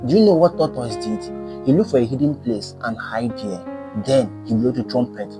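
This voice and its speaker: A man telling a folktale in an animated, emphatic way, repeating phrases for effect. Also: medium pitch, moderate pace, over music. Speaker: storyteller. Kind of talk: folktale storytelling.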